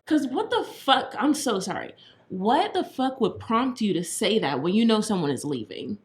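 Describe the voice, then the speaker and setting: A woman's voice: on the high side, very animated. A woman co-hosting a podcast in casual chat, getting heated and swearing as she vents. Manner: heated, swearing, talks fast when worked up. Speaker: podcast co-host.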